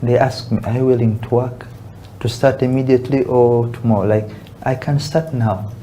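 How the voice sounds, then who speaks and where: A man's voice: mid-range voice, fairly even intonation, normal speed, dark tone, slight background noise. A young man from Uganda, a barista guest in a casual interview, who talks earnestly with frequent restarts.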